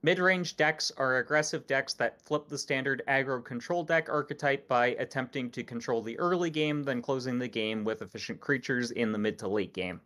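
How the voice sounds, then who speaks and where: Man explaining calmly on a podcast. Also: medium pitch, moderate pace, few pauses. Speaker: podcast host. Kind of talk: casual podcast chat.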